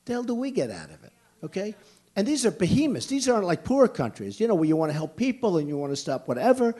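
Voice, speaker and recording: Very animated, fast and high-pitched, though dark in tone, an older American man takes questions as a presidential candidate in a big indoor venue. His voice sits a little above the typical male range. His campaign rally Q&A answers are blunt and emphatic, returning repeatedly to the same phrases.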